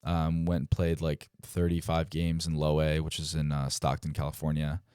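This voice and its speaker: Brief: man in his twenties, from Delaware, interview guest, rich smooth low voice, laid-back storyteller. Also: normal speed, no echo, studio quality. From Delaware, United States. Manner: relaxed, heavy use of "like" and "um", acts out quotes. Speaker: guest, professional baseball player.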